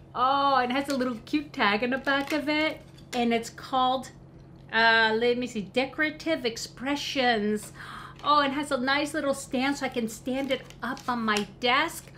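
A woman vlogger talks casually in a fairly high voice. She gushes over things in an excitable way, with gasps and soft exclamations. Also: slight background noise, rough recording. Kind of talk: casual unboxing chat.

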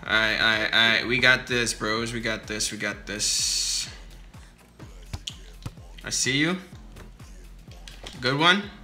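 A man's voice: lowish voice, takes it slowly, pauses often, pushed and bright, faint music behind. A young man giving casual, heated commentary over his own basketball video game match, swearing and trash talking his teammates and opponents.

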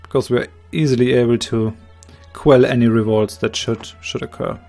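A man with a slightly hoarse voice calmly explaining his moves, thinking aloud in a strategy game let's play. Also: mid-range voice, normal speed, soft background music. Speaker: game commentator.

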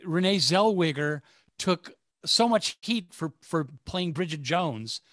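A man co-hosting a casual film interview, chatty and halting as he brings up his points. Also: fairly high pitch, lively intonation, fairly bright tone, no echo, studio quality. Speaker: interview host.

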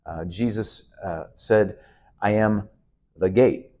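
A middle-aged pastor with a lowish, darkish voice teaches a Bible lesson at a slow pace. His expository sermon is emphatic, built on repeated, mounting phrases with the occasional "uh."

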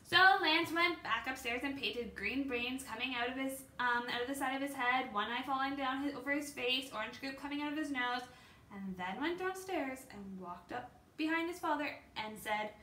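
Teacher reading aloud to kids, woman, bright voice, echoey room. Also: high-pitched, moderate pace, slight background noise. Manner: storytelling, with small slips and ums. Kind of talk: reading a picture book aloud.

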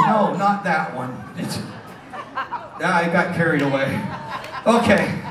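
A man working as a stage hypnotist, bantering loudly and crudely with volunteers and the audience. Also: on the high side, animated, slow pace, long pauses, distant mic. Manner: brash, teasing, loud crowd banter. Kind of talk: live stage comedy show. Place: casino showroom stage. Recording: roomy hall recorded from afar, audience. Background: audience laughing.

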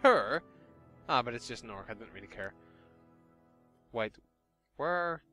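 Guy doing a let's play, bright punchy voice, sarcastic and sweary, rambles a lot, faint music behind. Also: mid-range voice, animated, normal speed. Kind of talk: casual gameplay commentary.

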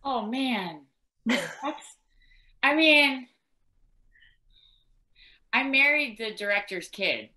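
Bright-voiced woman telling a lively anecdote. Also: a little high, very slow, pauses often, low-quality recording. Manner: animated, laughing storyteller. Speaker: actor on a convention panel. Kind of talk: casual anecdote.

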